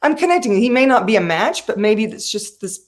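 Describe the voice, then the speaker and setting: A woman's voice: mid-range voice, normal speed. A woman speaking as a guest on a talk show, telling a personal story with animation, often laughing and acting out the voices of people she quotes. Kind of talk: conversational storytelling.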